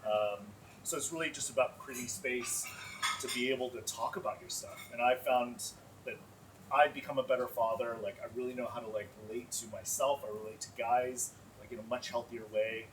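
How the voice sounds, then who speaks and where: A man's voice: mid-range voice, fairly even intonation, a little fast. Guy on a panel, earnest and chatty, kinda far from the mic, faint hiss. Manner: earnest, conversational, many "like"s. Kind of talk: panel discussion.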